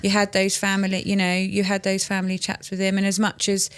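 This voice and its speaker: A woman hosting a podcast interview, supportive and prompting her guest with soft affirmations. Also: mid-range voice, completely flat delivery, fairly quick, clean tone. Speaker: podcast host.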